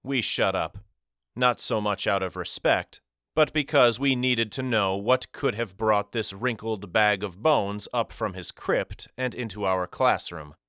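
A man reading a novel aloud as a narrator, in a measured, reflective storytelling manner. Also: fairly low pitch, pushed and bright, no room sound, clean studio sound. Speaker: audiobook narrator. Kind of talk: scripted first-person narration.

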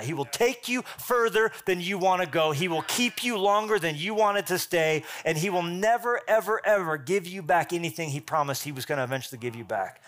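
A man preaching a sermon as pastor, punchy and animated, with quick asides and jokes. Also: on the high side.

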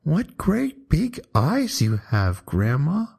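A man voicing a cheeky little girl in a red hood, raising his voice high and sweet for a comic poem reading. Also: wildly swooping pitch, vocal fry, darkish tone, slightly rough, full character voice. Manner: high and sweet, slow and sing-song.

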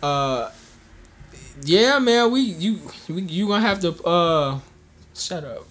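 High-voiced Chicago man, slangy chat. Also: lively intonation, slow, a bit bright. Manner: slangy, profane, laughs often. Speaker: podcast co-host. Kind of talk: casual chat.

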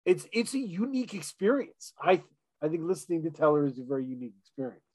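An eager man chatting on a podcast, his voice sitting a touch high. He trips over his words and restarts often, and the sound is dry with no room around it. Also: very animated, fast, darkish tone, no room sound. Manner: enthusiastic, lots of fillers and restarts. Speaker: podcast co-host reviewing an album. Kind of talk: casual chat.

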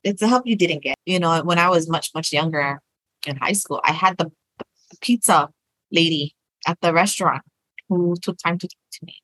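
A woman's voice: on the low side, normal speed, a bit bright, husky, dry recording, low-quality recording. A woman talking casually as a guest, earnest and encouraging. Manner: earnest and encouraging, with fillers and restarts. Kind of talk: casual conversation.

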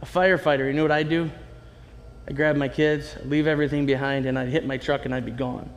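A man preaching a sermon in a conversational, animated way, with asides to the congregation. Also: medium pitch, fast talker, long reverb tail, slight background noise. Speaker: pastor.

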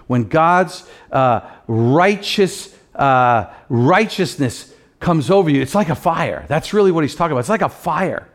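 Pastor, male, higher voice, impassioned sermon delivery with earnest direct appeals. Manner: impassioned preaching, swings between loud pleading and soft low tones.

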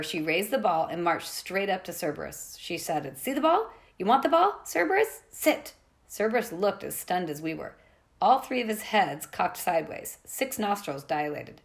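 A woman reading a novel aloud in a plain way, with small slips and restarts. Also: on the low side. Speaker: reader.

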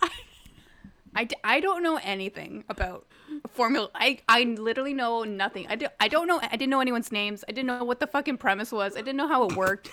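A woman co-hosting a casual podcast chat, excitedly gushing and laughing, swearing now and then. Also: on the high side, brisk, slight background noise. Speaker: podcast co-host.

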